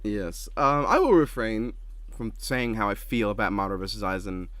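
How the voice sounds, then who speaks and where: Low-voiced laid-back man, dry sound. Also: expressive, moderate pace, a bit bright, dry recording. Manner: laid-back, rambling, giggly. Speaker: channel host. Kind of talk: casual reaction chat.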